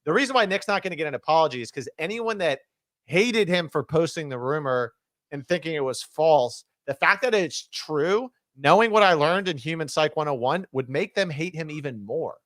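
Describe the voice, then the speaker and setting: Man, slightly high voice, dry close audio, teasing, rambling, casual chat. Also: lively intonation, normal speed, fairly bright tone, no echo. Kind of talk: casual crypto chat on a live audio space.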